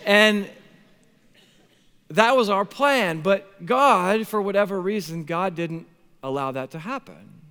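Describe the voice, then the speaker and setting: A man in his thirties preaching a sermon as a pastor, animated, swinging from hushed tones to near shouting. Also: high voice, slow, clean tone. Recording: long hall reverb.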